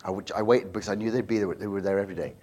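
A man preaching a sermon as pastor. He gets loud and high on emphasis, drops low and quiet for stories, and restarts his words often. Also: racing. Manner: animated, loud and rising on emphasis, with many restarts.

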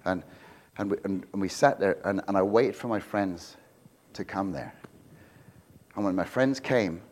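A pastor delivering a sermon in a church, in an animated, unscripted way. He gets loud and climbs high to stress a point, then drops to a low, quiet storytelling tone. He often repeats and restarts his words. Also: a little slow. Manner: animated, loud and rising on emphasis, with many restarts.

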